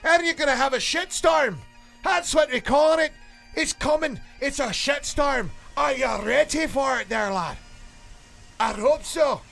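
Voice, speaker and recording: Brief: man doing a brash Scottish weather guy, high and yelling, gravelly. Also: unhurried, few pauses, faint music behind, exaggerated voice. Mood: bellowing. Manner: shouting, rolling R's, crude.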